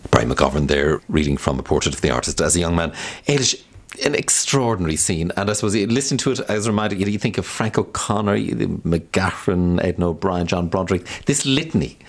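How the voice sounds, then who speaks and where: Male arts radio presenter, low pitch, thoughtful and searching. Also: expressive, brisk. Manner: thoughtful, musing, with hesitations. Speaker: radio host.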